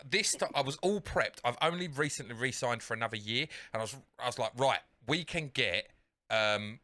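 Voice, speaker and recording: A man's voice: mid-range voice, lively intonation, normal speed, pushed and bright, dry recording. A British man co-hosting a podcast in casual chat, swearing and acting out phone calls in a raised voice. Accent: British English. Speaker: podcast co-host.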